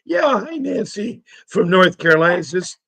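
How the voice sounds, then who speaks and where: A man's voice: high-pitched, sing-song, moderate pace, vocal fry, pushed and bright. A man hosting a live stream call-in show, talking casually with a slightly scratchy voice and a friendly, rambling manner full of fillers.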